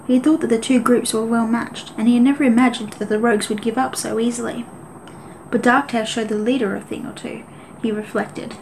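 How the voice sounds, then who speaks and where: A woman narrating an audiobook in a steady, even way. Her voice sits a little high, and a faint hiss of noise runs under the reading. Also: brisk, low-quality recording. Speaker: audiobook reader.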